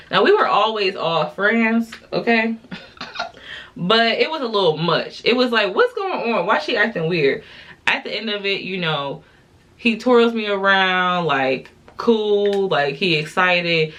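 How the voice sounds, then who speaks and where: This vlogger, a woman in her twenties who's had a bit to drink, tells a casual, exasperated story in slang while putting on makeup. Her voice is mid-range and fairly bright.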